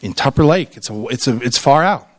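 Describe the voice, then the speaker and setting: In a mid-range voice and at a fairly quick clip, a middle-aged keynote speaker entertains a conference with comic stories. He acts out each person's voice as he tells them.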